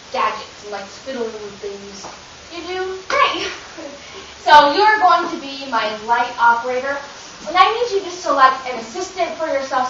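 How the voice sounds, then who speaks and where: A woman's voice: high voice, sharp tone. A woman teacher leading a drama workshop for children, upbeat and encouraging as she hands out roles. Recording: echoey, distant, dull lo-fi with hiss.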